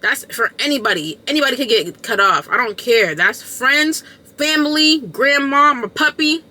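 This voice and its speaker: A woman content creator telling a storytime vlog, animated and emphatic, in a casual slangy way that repeats points for effect. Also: sits high, normal speed.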